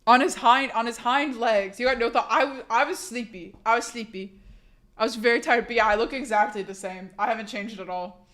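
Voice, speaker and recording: A woman's voice: a little high, a little fast, fairly bright tone. Chatty young woman streamer, casual. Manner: chatty, swearing, trailing restarts. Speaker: livestreamer. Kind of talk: casual chat to stream viewers.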